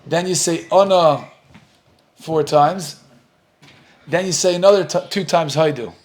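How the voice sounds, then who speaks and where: A middle-aged man with an American accent, a rabbi telling lively stories while teaching a Talmud class and acting out the dialogue. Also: fairly high pitch, a little slow. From United States. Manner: animated storyteller, acts out dialogue, laughs often.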